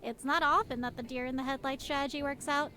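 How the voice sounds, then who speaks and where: A woman's voice: high voice, steady tone, fast talker, crowd noise, close to an everyday voice. A woman voicing a timid young pizza-shop worker in a video game, nervous and rambling with awkward jokes.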